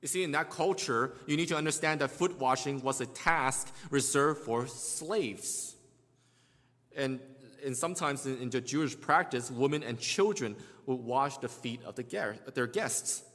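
A man's voice: mid-range voice, unhurried, fairly bright tone. A man preaching a sermon, explaining scripture step by step, often restarting words and acting out the quotes he reads. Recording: long hall reverb.

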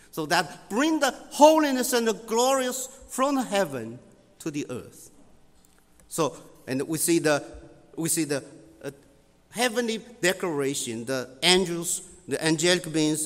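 A man teaching scripture in sermon style, halting with many fillers and repeating key phrases for emphasis. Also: on the high side, in a large hall.

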